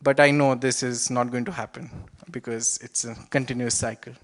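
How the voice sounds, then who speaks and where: A man's voice: medium pitch, steady tone, moderate pace. A young man with an Indian accent telling a personal story on stage, reflective and wry. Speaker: student storyteller.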